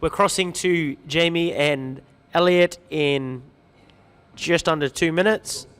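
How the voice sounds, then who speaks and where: Upbeat guy reading out viewer comments, kinda high voice, lots of hall reverb. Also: takes it slowly, a bit bright, smooth. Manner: chatty, greets viewers by name, light joking. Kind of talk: upbeat live-stream chat.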